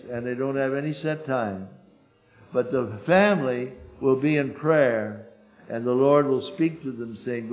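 An older man preaches with emphatic storytelling, his voice rising to loud urgent peaks and dropping to low quiet asides. His pitch sits in an ordinary middle range. The recording is dull and lo-fi. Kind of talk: sermon.

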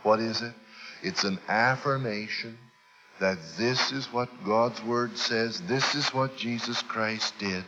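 A man preaching a sermon with emphatic, forceful delivery that builds to loud peaks. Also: mid-range voice, takes it slowly, muffled recording, heavy background noise.

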